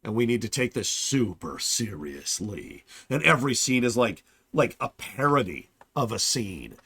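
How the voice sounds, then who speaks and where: Sarcastic, animated male game streamer. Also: mid-range voice, a little slow, slightly rough, no room sound. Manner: blunt, sarcastic, theatrically animated. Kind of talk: casual stream commentary.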